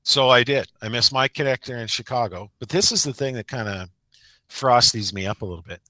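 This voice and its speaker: A man's voice: medium pitch, brisk, sharp tone, dry recording. A man who coaches a sports team, telling a rambling, self-mocking story in a casual podcast chat.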